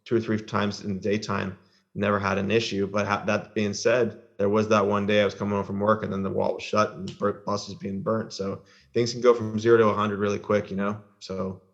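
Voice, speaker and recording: A man's voice: lowish voice, level tone, brisk. Hesitant American man, dull lo-fi sound. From American South. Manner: hesitant, full of fillers and restarts. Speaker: podcast guest. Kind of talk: casual chat.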